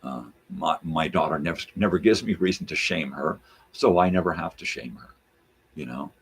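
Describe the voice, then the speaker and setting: A man's voice: extremely low pitch, moderate pace, a little hiss or hum. A man hosting a show, ranting in a rambling, profane casual monologue. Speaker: host.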